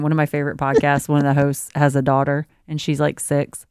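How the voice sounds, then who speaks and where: Reading parenting advice aloud and then riffing with laughing asides, a pregnant podcast co-host keeps things casual. Her low-pitched, darkish voice is clear and resonant, a little fast, with a completely flat delivery. No echo; clean studio sound.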